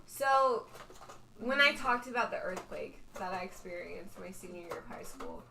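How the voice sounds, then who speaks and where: A woman's voice: medium pitch, expressive, moderate pace, gravelly, background noise. A young adult woman co-hosting a card-break stream in casual chat, telling stories and laughing often.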